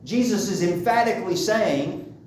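Emphatic preacher in an echoey hall. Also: male voice, high voice, animated, normal speed, darkish tone, a little hiss or hum. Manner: emphatic, repeats key phrases. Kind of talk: sermon. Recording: very echoey room, mic far off.

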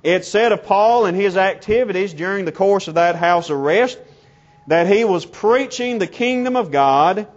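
A man preaching in a high voice, pressing each point with deliberate emphasis. His words come one by one, in numbered steps. The recording sounds dull and lo-fi. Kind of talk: sermon.

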